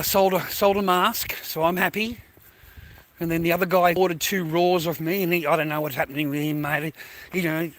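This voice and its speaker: A man's voice: fairly high pitch, fairly bright tone, no echo. Rambling, crude Australian man vlogging. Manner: rambling, crude and chatty, full of fillers like "mate" and "you know". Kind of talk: rambling casual vlog. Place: outdoors, walking through a neighbourhood.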